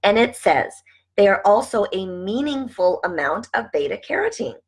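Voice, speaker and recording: A woman's voice: mid-range voice, very animated, normal speed, slightly rough. A woman vlogger chatting casually to her viewers, reading aloud from a food book and asking "right?" over and over.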